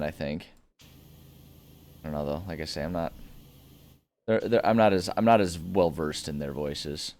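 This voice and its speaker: A young man with a very low, deep speaking voice chats loosely over his gameplay, chuckling often and wandering from one tangent to the next. The delivery is unscripted and relaxed. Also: moderate pace, long pauses. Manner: rambling, chuckling, easily sidetracked. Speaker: gaming channel host. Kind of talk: casual let's-play commentary.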